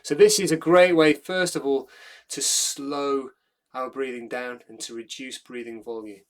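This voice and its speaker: A man guides a group through a breathing exercise, giving steady step-by-step instructions and counting them down. He talks at a middling pitch and often pauses to correct himself. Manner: calm step-by-step instruction with fillers and self-corrections.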